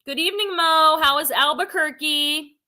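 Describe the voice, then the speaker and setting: A woman's voice: high-pitched, normal speed, pushed and bright. A woman hosting a casual reselling livestream from her living room, chatty and rambling, greeting viewers by name. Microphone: computer webcam on livestream.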